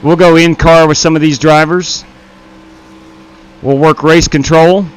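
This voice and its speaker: In a smooth, steady, slightly high voice, a man talks a little slowly while rewinding replays on his live sim-racing stream. As stream host and league race director, he chats casually and frankly admits that the mistakes were his.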